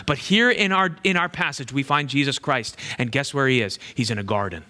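A man preaching a sermon, earnestly repeating key phrases for emphasis and moving between hushed and fervent delivery. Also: mid-range voice, fairly quick, hardly any pauses.

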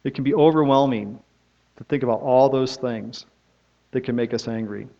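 A man's voice: medium pitch, moderate pace. A middle-aged man, a pastor, preaching a sermon in a conversational storytelling way, often asking his listeners "right?". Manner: conversational storytelling, frequent tag questions. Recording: dull lo-fi sermon recording.

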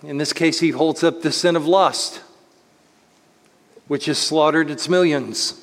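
A man's voice: a little high, steady tone. Preaching man in a reverberant hall. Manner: earnest preaching, slows to stress words, speeds up voicing others. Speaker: pastor. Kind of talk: sermon.

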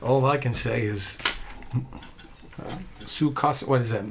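A man's voice: mid-range voice, a little slow, creaky, noisy background. A man who is a pastor, chatting with easy, dry humor. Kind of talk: casual chat.

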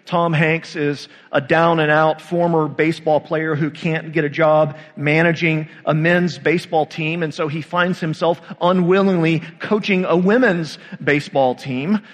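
Pastor preaching in an echoing church. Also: male voice, fairly high pitch, steady tone. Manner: conversational, with dramatic pauses and rhetorical questions. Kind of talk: sermon. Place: church sanctuary. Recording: church hall reverb.

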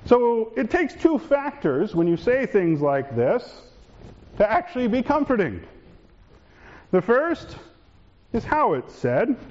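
A man preaching a sermon as pastor, swinging between raised, urgent lines and hushed, calm ones. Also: very high voice, highs cut off.

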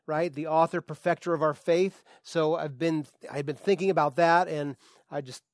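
A man preaches in a loose, conversational manner, often restarting his sentences and using fillers. His voice sits a touch higher than usual. The sound is dry and close, with little room around it. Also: moderate pace, no room sound. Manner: relaxed, chatty, with frequent restarts and fillers. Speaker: pastor. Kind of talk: conversational sermon.

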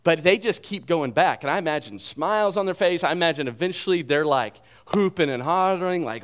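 This pastor's voice sits on the high side and moves at a moderate pace as he preaches to his flock. His lively retelling of the story is sprinkled with jokes and asides.

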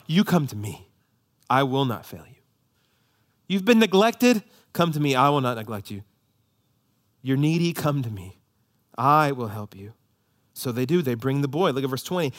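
A man in his thirties preaching a sermon as a pastor, swinging between quiet, tender asides and raised, emphatic calls. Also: medium pitch, lively intonation, moderate pace, pauses often.

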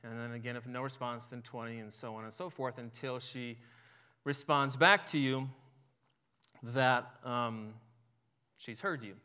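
A man voicing a calm male doctor who explains a simple test, in a measured way. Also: medium pitch, clear, resonant tone. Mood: instructing.

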